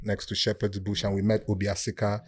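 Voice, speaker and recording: A man from Nigeria with a Nigerian accent, a podcast guest who tells a story in a casual, animated way and acts out the people he quotes. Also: lowish voice, quick pace, breathy edge.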